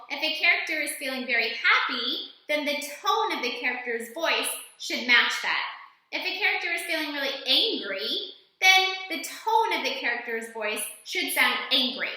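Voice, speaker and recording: High bright teacher in an echoey room. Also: female voice. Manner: clear, encouraging instruction to young students. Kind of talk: recorded classroom lesson.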